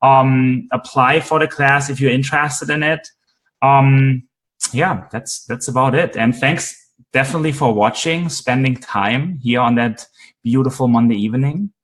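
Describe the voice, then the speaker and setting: A man's voice: mid-range voice, a little slow, a bit bright. A man from Germany with a German accent, a friendly and easygoing podcast guest on a video call, laughing readily. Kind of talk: casual live-stream chat.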